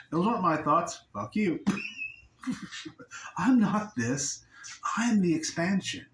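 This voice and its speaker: A man's voice: sits high, big pitch swings, takes it slowly, noisy background. A man giving a casual spiritual talk, swearing freely and laughing often as he explains. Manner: profane, laughing, conversational. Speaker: spiritual teacher. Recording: roomy sound from a distance.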